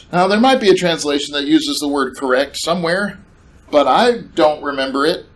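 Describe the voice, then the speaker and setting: A man's voice: fairly high pitch, lively intonation, moderate pace, a little hiss or hum. A man preaching a sermon, emphatic and sarcastic, repeating points with questions to the congregation. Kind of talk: sermon with slides.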